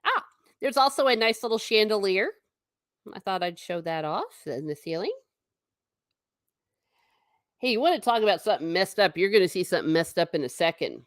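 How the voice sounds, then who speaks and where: A woman's voice: mid-range voice, animated, moderate pace, long pauses, dry recording, studio quality. A woman vlogger chatting casually with her viewers, giggly and self-mocking. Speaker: travel vlogger reading live chat. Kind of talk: casual live-stream chat.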